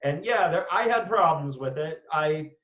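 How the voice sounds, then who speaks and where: A man hosting a casual panel discussion, talking in an animated, emphatic way with quick asides. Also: on the high side, echoey room, far from the mic, dull audio, a little hiss or hum. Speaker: podcast host.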